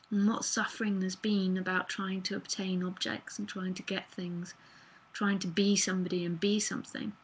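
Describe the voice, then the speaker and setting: A woman with a husky, breathy voice gives an earnest spiritual talk in an easy, casual way. She drops in fillers and the odd swear word as she speaks into a computer mic on a live online call. Her pitch sits in the middle of a woman's range. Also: low-quality recording. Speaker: spiritual teacher.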